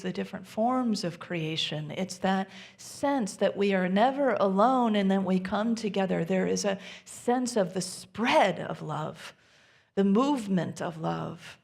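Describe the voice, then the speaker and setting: A woman minister delivers a sermon in a low voice with a gravelly, creaky edge. Her delivery is gentle and intimate, often dropping to a soft near-whisper. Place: church sanctuary.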